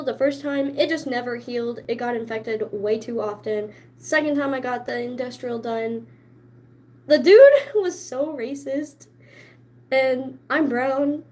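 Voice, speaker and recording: High-voiced excitable chatty woman. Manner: chatty and excitable, laughs often, many fillers. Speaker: vlogger. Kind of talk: casual chat to camera.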